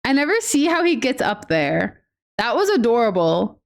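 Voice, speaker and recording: A woman's voice: fairly high pitch, very animated, normal speed, creaky. A woman streaming a game and chatting casually, rambling through playful stories with lots of fillers and a giggly, affectionate manner. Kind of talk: casual gameplay chat.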